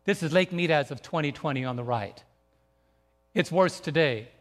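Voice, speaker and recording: Male pastor, high voice, emphatic repetitive sermon delivery, long church-hall reverb. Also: normal speed. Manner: emphatic, repetitive preaching with restarts. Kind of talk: sermon with slides. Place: church sanctuary.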